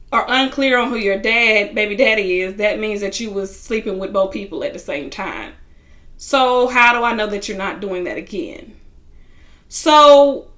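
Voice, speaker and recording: A woman talks through a reality TV episode in a loose, chatty recap, with a bright, forward tone. She opens new points with louder, punchy restarts. She sometimes slips into the people she describes, retelling what they said. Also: mid-range voice. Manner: chatty storyteller, retelling scenes in quoted voices. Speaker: reality TV reviewer. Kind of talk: casual recap commentary.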